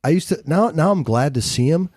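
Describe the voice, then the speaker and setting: A man's voice: on the high side, lively intonation, a little fast, a little mellow, no echo, studio quality. A man on a podcast panel, talking in a rambling, folksy way. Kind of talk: casual chat.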